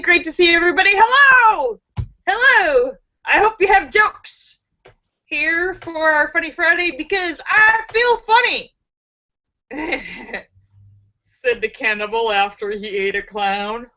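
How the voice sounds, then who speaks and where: A woman's voice: sits high, sharp tone, lo-fi sound. Bubbly, giggly woman live-streaming. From United States. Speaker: vlogger hosting a live stream. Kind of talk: casual live stream chat reading jokes.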